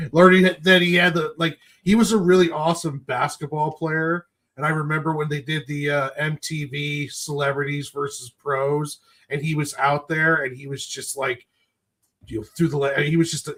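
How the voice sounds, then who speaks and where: A man's voice: fairly high pitch, a bit bright. A man on a casual panel. He reminisces fondly and hesitantly, with fillers and small restarts.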